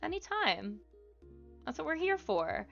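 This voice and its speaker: A woman's voice: sits high, sing-song, unhurried, gravelly, muffled recording, faint music behind. A woman streamer talking casually to her live chat, with lots of fillers and asides. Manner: chatty, frequent fillers.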